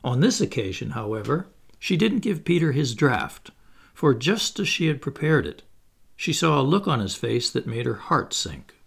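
Male audiobook narrator, storybook reading, lively intonation, gravelly texture. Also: medium pitch, normal speed.

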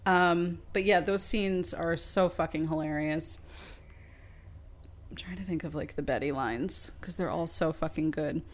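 A woman co-hosting a podcast in casual chat, animated and laughing often. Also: low voice, unhurried. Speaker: podcast co-host.

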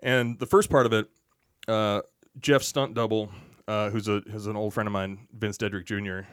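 A man on a podcast as a guest, telling a relaxed, chatty anecdote full of asides. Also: on the low side, moderate pace, smooth, no room sound, clean studio sound. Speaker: podcast guest, actor and stuntman. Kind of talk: casual storytelling on a podcast.

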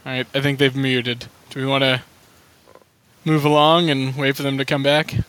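A man co-hosting a casual podcast, trading crude deadpan wisecracks with friends. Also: medium pitch, moderate pace, clear, resonant tone, low-quality recording. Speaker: podcast co-host. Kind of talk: casual group chat.

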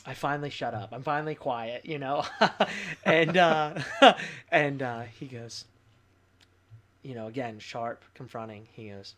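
A young adult pastor tells a personal story in a candid, conversational way, full of fillers, asides and quick laughs. His voice sits in an ordinary middle pitch for a man, and he talks to the people in the room rather than preaching at them. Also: a bit bright. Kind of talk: conversational testimony.

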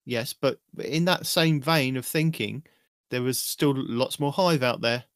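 A man's voice: mid-range voice, unhurried, clean tone, no echo, studio quality. A man co-hosting a casual podcast, eagerly throwing out theories. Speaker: podcast co-host. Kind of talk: casual chat.

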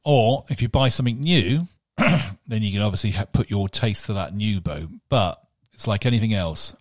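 A man's voice: fairly low pitch, lively intonation, normal speed, no echo, studio quality. A man, co-hosting a rambling, jokey casual chat podcast. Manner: rambling, jokey, puts on accents. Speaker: podcast co-host.

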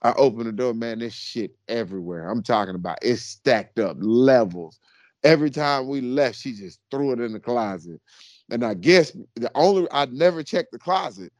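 Podcast co-host, male, mid-pitched, animated slangy storyteller, close dry sound. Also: normal speed, no echo. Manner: animated, slangy, addresses listeners as bro. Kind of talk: casual chat, storytelling.

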